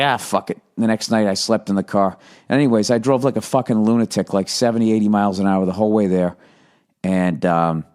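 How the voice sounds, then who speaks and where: A middle-aged man from the United States rambles through a profane story as he hosts his podcast. His voice sits fairly low, and he talks in a loose, offhand way. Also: a little mellow. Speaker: podcast host. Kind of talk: casual monologue.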